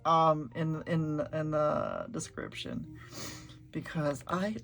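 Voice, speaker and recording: A woman's voice: low-pitched, wildly swooping pitch, slow pace, gravelly, soft background music. A middle-aged woman chatting casually as she paints swatches, gushing and thinking aloud. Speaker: art vlogger.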